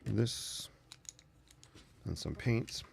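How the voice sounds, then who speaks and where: A man's voice: on the low side, drawn-out words, vocal fry, slight background noise. A man hosting his own sketching channel, chatting casually and thinking aloud as he draws. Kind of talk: casual narration while sketching.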